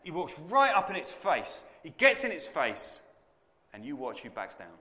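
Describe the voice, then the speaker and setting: A man's voice: fairly high pitch, wildly swooping pitch, normal speed, bright, forceful tone, big-room sound. A man preaching a sermon at a conference, telling the story dramatically and with animation. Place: conference hall.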